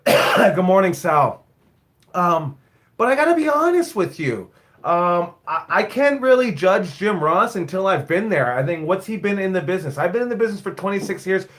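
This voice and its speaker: High-pitched and fairly bright, his voice swings widely in pitch at a moderate pace. He's a wrestling coach in his forties who owns and runs a wrestling school, telling rambling, blunt, profane stories on a casual live stream.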